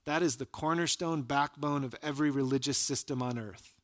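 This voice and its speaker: Pastor guy preaching, earnest storytelling, goes quiet and low on the quotes. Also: fairly quick. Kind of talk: sermon.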